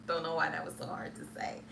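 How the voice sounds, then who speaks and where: A woman's voice: sits low, gravelly, background noise. A woman hosting a casual movie review chat. She rambles in a friendly way, stumbles over her words and fills gaps with lots of ums. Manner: chatty, hesitant, many fillers, laughs often. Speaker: film reviewer.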